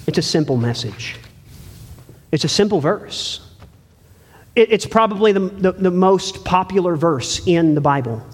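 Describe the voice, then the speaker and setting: A man preaching a sermon in a church, earnest and pleading, swinging between loud emphasis and hushed words. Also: medium pitch. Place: church sanctuary. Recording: long hall reverb.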